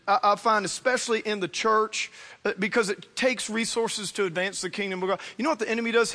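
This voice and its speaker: A man preaching a sermon as pastor, animated and acting out biblical characters in his storytelling. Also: very high voice. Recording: long hall reverb.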